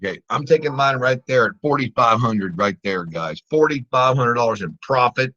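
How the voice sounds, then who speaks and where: Man, stream host, bright voice, excitable running commentary, muffled lo-fi mic. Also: mid-range voice, moderate pace, few pauses. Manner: exclaims and laughs often, talks to viewers as guys. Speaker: live trading stream host. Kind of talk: excited live commentary on trades.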